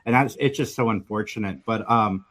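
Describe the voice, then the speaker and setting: A man's voice: on the low side, fairly quick, a bit bright. A man hosting a podcast, asking the guest questions with many fillers and restarts. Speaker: podcast host. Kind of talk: casual interview questions.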